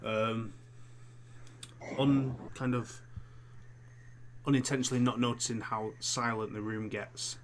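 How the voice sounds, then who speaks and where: A man narrating a tabletop horror game as game master, pausing often and restarting phrases. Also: mid-range voice, little pitch movement, a little hiss or hum. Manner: hesitant, many fillers and restarts.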